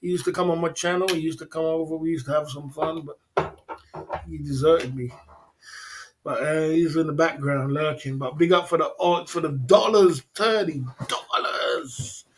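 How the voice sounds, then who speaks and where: A man's voice: on the high side, fairly even intonation, normal speed, slight background noise. A man hosting a livestream in casual chat, repeating his phrases, speaking in slang and laughing often. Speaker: livestream host.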